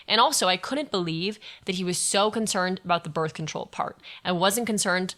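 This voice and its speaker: A woman's voice: fairly low pitch, moderate pace, a bit bright. A young adult woman candidly telling a personal story on a podcast, speaking frankly and swearing freely. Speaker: guest sharing her story.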